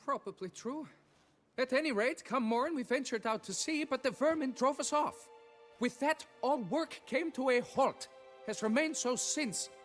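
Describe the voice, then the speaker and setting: A high, fussy, flustered foreman. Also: measured pace, faint music behind. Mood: pleading. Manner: fussy, excitable, wheedling and pleading. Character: flustered, stingy middle-aged male quarry foreman. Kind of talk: video game dialogue.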